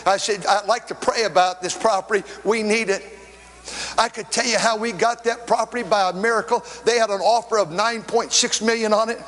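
A man preaching in a big church, his voice unusually high for a man. He tells stories at a quick clip, then bursts into shouted, stretched-out lines, and a long reverb trails every phrase. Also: steady tone. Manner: storytelling preacher, swings from quick talk to shouted, drawn-out lines. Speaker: pastor. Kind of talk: sermon.

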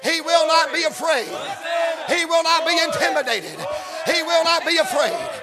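A preacher with a strikingly high voice delivers a folksy sermon. His lines fall into a repeating rhythm, and the repeated ones climb into loud shouts. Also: lively intonation, moderate pace, over a noisy crowd.

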